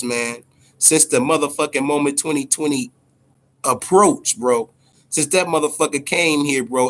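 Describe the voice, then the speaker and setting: A young man hosts a boxing show in a loose, profane, animated monologue. His voice sits a little higher than most men's. He keeps throwing "man" and "bro" onto the ends of his lines. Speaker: boxing podcast host.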